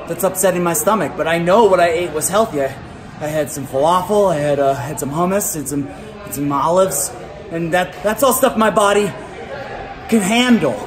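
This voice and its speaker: A man's voice: sits high, normal speed, crowd noise. A man in his thirties, a wrestler vlogging on tour, chatting casually with mock-dramatic, theatrical complaining. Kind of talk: casual vlog chat.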